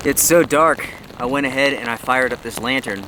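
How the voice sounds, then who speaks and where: Winded guy chatting to his viewers from a rainy campsite, mid-pitched voice, rain pounding behind. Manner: chatty, upbeat, addresses viewers directly. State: out of breath. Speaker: outdoor vlogger. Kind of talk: casual camping vlog to camera. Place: under a tarp shelter in a rainy forest. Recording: loud rain noise outdoors. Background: heavy rain.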